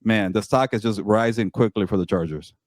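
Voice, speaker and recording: A man co-hosting a sports podcast as a columnist. He talks emphatically, often repeats words, and gets animated. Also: on the low side, a little fast, dry recording, clean studio sound. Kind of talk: casual sports talk.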